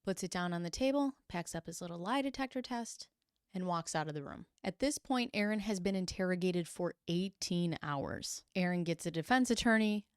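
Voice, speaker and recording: Animated woman retelling a true crime story. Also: fairly low pitch, clear, resonant tone, no room sound, clean studio sound. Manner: animated, acting out quotes in quick impressions; incredulous, sarcastic asides.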